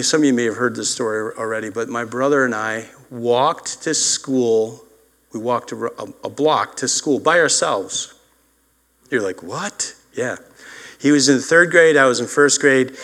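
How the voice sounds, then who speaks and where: A man's voice: medium pitch, a bit bright. Older male pastor telling stories. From upstate New York. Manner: storytelling, acts out voices in quotes. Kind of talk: sermon.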